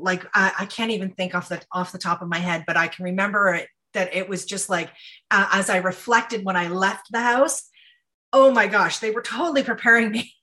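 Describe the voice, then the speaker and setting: Woman, psychic medium, co-host, casual storytelling, animated, emotional, bright tone, mid pitch. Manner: animated and emotional, with frequent restarts. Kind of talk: casual chat, personal storytelling.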